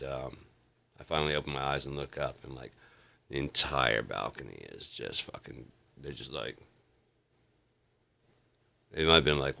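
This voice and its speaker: Very deep gravelly man, rambling and profane. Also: bright, forceful tone. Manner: rambling, profane, restarts often. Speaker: vlog host. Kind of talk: casual storytelling monologue.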